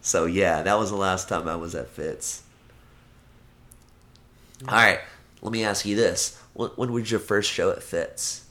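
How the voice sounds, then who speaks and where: A man's voice: low voice, fairly even intonation, unhurried, pauses often, bright, forceful tone. A young man in casual chat, telling stories with lots of swearing and acting out the voices of people in them.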